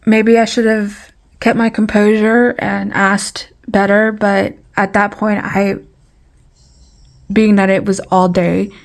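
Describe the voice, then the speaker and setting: A woman with a twang chats casually to her viewers. Her voice sits in a middle pitch. She rambles, restarts and repeats phrases, and she sounds exasperated. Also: creaky. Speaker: vlogger. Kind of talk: casual storytelling to camera.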